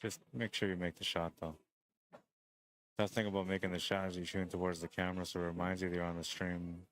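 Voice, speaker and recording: A man with a deep, just-woke-up voice, rambling and joking as he runs a pool tournament stream and calls the shots, short on sleep. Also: little pitch movement, fast, a bit bright. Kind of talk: casual live-stream commentary.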